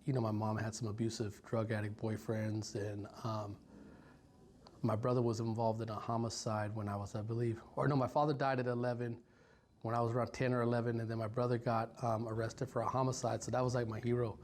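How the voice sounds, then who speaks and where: A man in his forties from Stockton, California, recounts his life in an interview. He speaks in a halting, reflective way with frequent ums and restarts, and his mid-range pitch barely rises or falls. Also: little pitch movement, a little mellow, slight background noise. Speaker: violence prevention worker. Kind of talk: personal story told in an interview.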